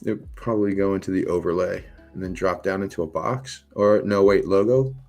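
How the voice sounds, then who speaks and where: A man streams live over soft background music, his low, darkish voice moving fairly quickly. He rambles casually, replying to chat and reading viewers' messages aloud.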